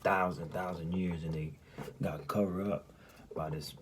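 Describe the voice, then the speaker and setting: Deep-voiced man rambling through a profane tale. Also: steady tone, measured pace, slight background noise. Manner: profane, rambling, keeps asking "you hear me?"; drops often into a hushed, breathy half-whisper. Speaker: storyteller. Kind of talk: casual spoken recounting of a dream.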